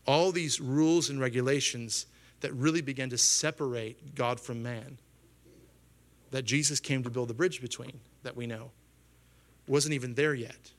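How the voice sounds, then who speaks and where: A man in his thirties preaching a sermon as pastor, talking in an animated way, acting out quoted voices in a raised pitch and often asking his listeners questions. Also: normal speed. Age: 30s. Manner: asks the congregation questions.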